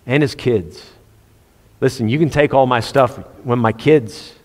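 A man's voice: mid-range voice, measured pace, a little mellow. A man preaching a sermon, speaking conversationally and quoting scripture in King James wording. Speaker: pastor. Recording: long hall reverb.

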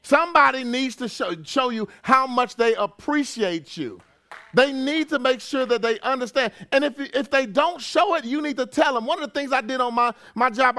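A middle-aged man preaching a sermon as pastor, casual and conversational, sometimes rising to shouts. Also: very high voice.

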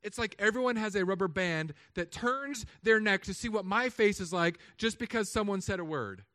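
A man, a pastor, preaching a sermon in a relaxed storytelling way, acting out voices now and then. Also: sits high, normal speed, no room sound, clean studio sound. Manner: conversational storytelling with put-on voices. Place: church hall.

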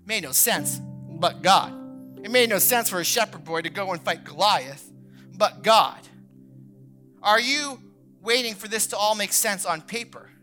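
Animated male preacher with a bright edge. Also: high-pitched, measured pace, faint music behind. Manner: animated storyteller, acts out quoted voices, many fillers like "like". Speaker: pastor. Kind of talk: sermon with personal story.

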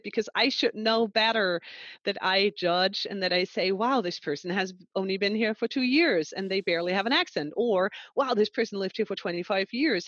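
A woman's voice: medium pitch, fairly bright tone, no echo. German-born woman, language teacher, chatty and candid, dry slightly dull recording. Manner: candid, laughing, self-reflective. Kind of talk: conversational interview.

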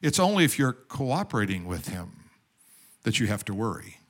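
A man preaching a sermon in a conversational way, asking the audience questions and dropping into soft, quiet asides. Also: lowish voice, sing-song, normal speed. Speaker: pastor.

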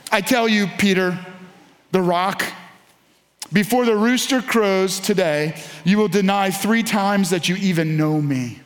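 A man voicing a calm, dry-humored male teacher who speaks in an understated way. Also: high-pitched, measured pace, big-room sound. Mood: wry.

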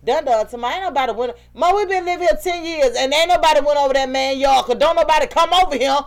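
A woman co-hosting a casual talk show, telling animated stories, laughing often and acting out what people said. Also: high-pitched, fast talker. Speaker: podcast co-host. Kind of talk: casual chat.

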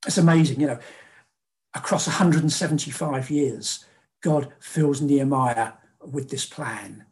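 A man's voice: medium pitch, measured pace. A man preaching a sermon in a conversational way, with fillers and acted-out quotes.

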